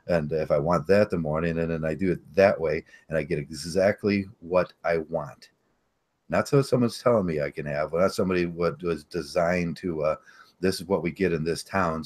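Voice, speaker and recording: A man chatting casually in a group talk, rambling and swearing with frequent laughs. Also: a bass voice. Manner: profane, rambling, laughs often.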